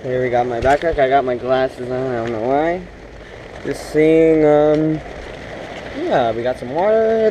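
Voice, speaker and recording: A man's voice: mid-range voice, measured pace, noisy background. A man vlogging from a small tent in heavy rain, rambling casually with lots of fillers and chatting to his dog. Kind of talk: casual self-filmed vlog. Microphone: camera on a tripod.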